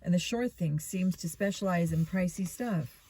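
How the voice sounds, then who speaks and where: A woman voicing a quick-thinking, bold teenage boy detective in a storybook reading, plain and direct. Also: on the low side, warm tone, slightly rough.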